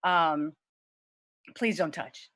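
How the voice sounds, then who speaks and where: A middle-aged woman from Louisiana tells a wild true story to a virtual story slam audience, frank and unfiltered with plenty of swearing. Her tone is bright and forceful, and when she quotes herself her voice shoots way up. The sound is dry and close, as from a home video call. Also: drawn-out words, no room sound. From Lafayette, Louisiana. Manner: animated, candid, swears freely, voice leaps high when quoting herself.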